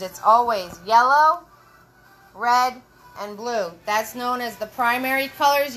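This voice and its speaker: A woman hosts a live painting class with a bright, fairly high voice. She walks through each brushstroke slowly and patiently, cheering on her viewers. Soft music plays behind her. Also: low-quality recording. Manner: chatty and encouraging, greets viewers by name; slow step-by-step instructions. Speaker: paint party instructor. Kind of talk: live-streamed painting lesson.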